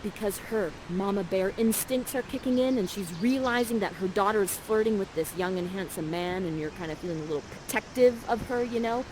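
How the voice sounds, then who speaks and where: A woman's voice: medium pitch, fairly quick, hardly any pauses, noisy background. A young woman acting as a live interactive theater narrator who guides the audience in a bubbly, casual way, full of "like". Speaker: immersive theater actor guiding the audience.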